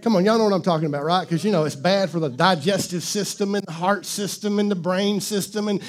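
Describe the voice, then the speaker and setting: A man's voice: high voice, fast. A male pastor preaching a sermon in a conversational, joking style, with call-and-response to the congregation.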